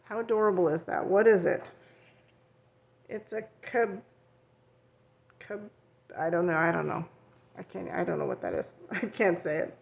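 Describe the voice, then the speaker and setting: This coloring channel host speaks low with vocal fry, at a moderate pace and with frequent pauses, in lo-fi audio. An art teacher, she rambles casually through a show-and-tell vlog of her completed coloring pages, often using fillers and correcting herself.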